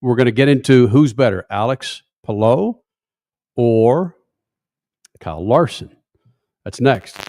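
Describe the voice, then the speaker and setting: A man's voice: medium pitch, lively intonation, slow, pauses often, a little mellow, no room sound. A man hosting a casual motorsports radio talk show from a studio, brash and flippant and swearing freely.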